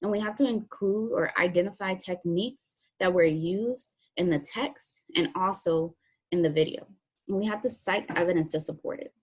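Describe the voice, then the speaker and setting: A woman's voice: on the low side, normal speed, slightly rough. A woman teacher walking students through a written assignment step by step, in a plain, practical way. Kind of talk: recorded classroom lesson walkthrough.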